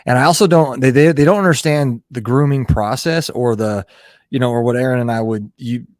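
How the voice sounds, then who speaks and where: A man's voice: medium pitch, fairly quick, dry recording, clean studio sound. A man hosting a podcast, talking casually and explaining his point with frequent repeated words and restarts.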